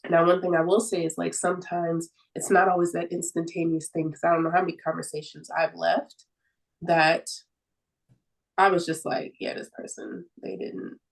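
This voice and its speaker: A woman with a somewhat low voice talks as a podcast guest. She is earnest and reflective, leans on "like" as a filler and laughs easily. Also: level tone, normal speed, vocal fry, rough recording. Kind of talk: casual conversational podcast talk.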